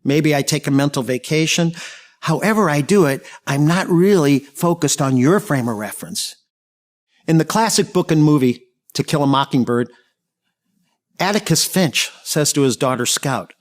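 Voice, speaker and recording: A man with a slightly higher voice delivers a training talk on listening skills. He tells anecdotes with a humorous touch and keeps his asides lively. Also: unhurried. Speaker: communication trainer.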